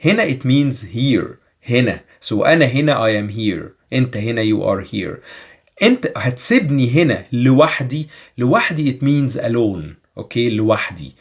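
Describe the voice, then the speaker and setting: A man whose first language is Egyptian Arabic, teaching phrases from a film scene and repeating them slowly and carefully. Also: mid-range voice, expressive, creaky, slightly rough. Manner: slow careful repetition.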